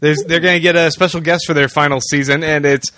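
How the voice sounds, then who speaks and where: A man's voice: a little high, fairly even intonation, quick pace, sharp tone, no echo. A man hosting a podcast, chatting casually in a rambling way with many fillers. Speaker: podcast host. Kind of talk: casual chat.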